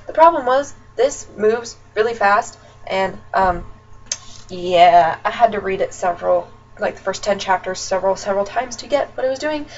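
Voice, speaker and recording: A young woman from Nebraska chatting casually as a book vlogger, talking in a chatty, ranting way with lots of fillers. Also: on the high side. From Nebraska, USA. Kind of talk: casual chat. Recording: distant dull webcam audio with faint noise.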